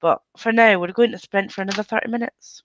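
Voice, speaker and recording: A woman's voice: medium pitch, steady tone, fast, a bit bright, highs cut off. A woman hosting a casual reading sprint over a video call, chatting in a teasing, giggly way. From England. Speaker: booktube host. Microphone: computer mic on a video call.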